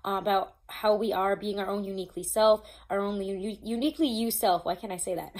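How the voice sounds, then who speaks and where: A woman's voice: mid-range voice, fairly even intonation, brisk. A woman giving a casual tarot reading, chatty and loose, swearing freely and stumbling over her notes. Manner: reads from notes, restarts often. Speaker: tarot reader.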